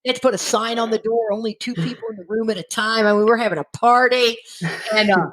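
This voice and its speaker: A middle-aged woman from Texas, a recovery speaker telling her own story in a lively way and often laughing. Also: fast talker. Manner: lively, acts out quoted voices with jumps in pitch, laughs often. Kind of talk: storytelling talk.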